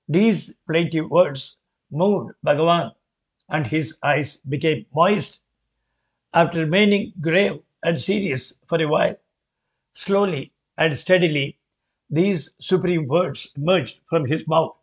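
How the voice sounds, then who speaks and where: Man reading very slowly. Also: on the high side. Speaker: reader. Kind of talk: reading a devotional memoir aloud. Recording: dull lo-fi recording.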